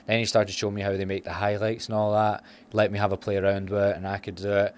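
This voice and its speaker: A man's voice: lowish voice, level tone, quick pace. A Scottish man hosting a podcast, telling stories in casual chat, laughing often and swearing freely. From Scotland. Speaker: podcast host.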